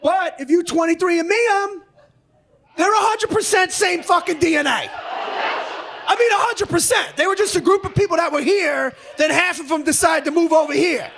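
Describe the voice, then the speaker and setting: A middle-aged man doing stand-up comedy on a club stage, brash, profane and often shouting. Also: extremely high pitch, moderate pace, vocal fry, some chatter behind. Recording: live club audio with background noise.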